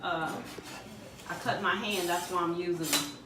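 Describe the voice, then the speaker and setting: Woman, home-cook tutorial host, plain homey instructions; roomy distant camera sound with steady background noise. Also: on the low side, moderate pace. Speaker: home cook demonstrating a recipe. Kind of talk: casual cooking tutorial. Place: home kitchen. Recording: echoey kitchen from a distant mic with background noise.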